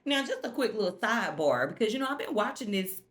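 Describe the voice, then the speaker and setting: A woman's voice: medium pitch, very animated, fast, fairly bright tone. A woman giving a casual episode recap to her viewers in a slangy, profane way that speaks straight to them.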